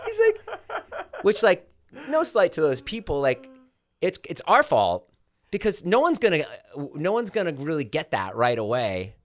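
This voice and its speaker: A man's voice: fairly high pitch, normal speed, no room sound. A man in his forties, a podcast guest telling stories in casual chat and acting out what others said. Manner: animated storyteller, acts out quotes loudly.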